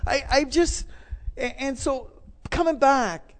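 A man's voice: extremely high pitch, slow pace. A middle-aged man preaching, telling a personal story with emphatic, repeated phrases. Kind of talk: sermon testimony.

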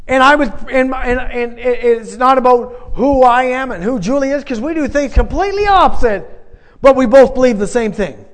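High-voiced preacher in a reverberant hall. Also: male voice, moderate pace. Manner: emphatic, conversational, with repeated phrases. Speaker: preacher sharing a testimony. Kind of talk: sermon testimony, storytelling. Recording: long reverb of a large hall.

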